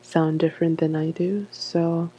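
A woman with an accent, slowly reading a word list for an accent challenge, dropping some words to a whisper. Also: low voice, steady tone, dark tone, breathy edge, rough recording. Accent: non-standard English accent. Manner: slow and deliberate, some words breathed in a whisper. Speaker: audio content creator.

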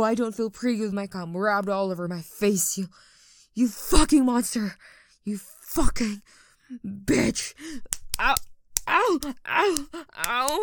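A woman playing a breathy, pleading young woman. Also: a little high, no echo, clean studio sound.

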